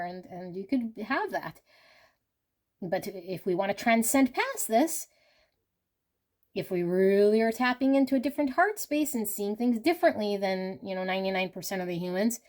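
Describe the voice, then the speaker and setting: A woman's voice: mid-range voice, expressive, normal speed, darkish tone. A woman with an everyday mid-range voice gives an intuitive tarot reading. She speaks earnestly and repetitively, coaching her listener on love and energy and checking in often with "you know" and "okay?". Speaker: tarot reader.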